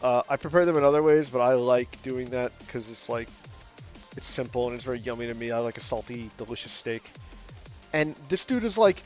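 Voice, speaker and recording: A young man chatting casually on a stream while drawing, rambling with lots of fillers and restarts, swearing freely and getting loud and animated when he rants. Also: mid-range voice, fairly quick. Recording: faint music behind.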